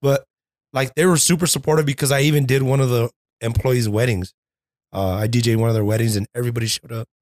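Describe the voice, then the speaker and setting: A man in his thirties who works as a DJ sits in on a podcast and speaks at an average pitch in an easygoing way. He laughs often, and the recording is close and dry. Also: fairly even intonation, fast, darkish tone, no echo. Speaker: DJ guest. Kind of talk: casual chat.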